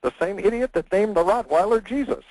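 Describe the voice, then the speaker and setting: A man voicing a cheeky talking parrot in a very high-pitched voice, within a joke told during a lecture. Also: fairly quick, darkish tone, no room sound, natural voice, low-quality recording. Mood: smug.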